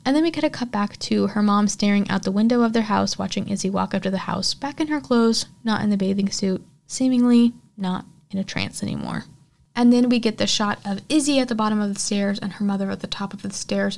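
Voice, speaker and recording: A woman hosts a horror podcast and walks through a film scene by scene. She talks casually, peppering her retelling with fillers as she goes. Her voice sits at an ordinary middle pitch. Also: gravelly, darkish tone. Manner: chatty, filler-heavy retelling.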